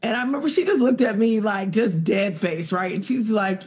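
A man hosting an interview, asking questions and telling a folksy, expressive story of his own. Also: sits high, normal speed, slightly rough. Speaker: podcast host. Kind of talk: casual interview chat.

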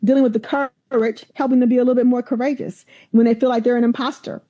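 A middle-aged woman with a fairly high, mellow voice tells her stories with animated emphasis. The recording sounds slightly dull and lo-fi. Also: fast talker. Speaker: university president, guest. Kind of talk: conversational interview.

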